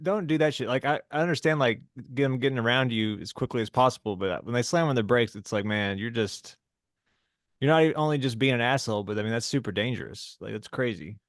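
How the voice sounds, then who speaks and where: Male podcast host, relaxed, casual swearing, dry video-call sound. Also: medium pitch, fast, no echo. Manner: laid-back, swears casually. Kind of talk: casual chat.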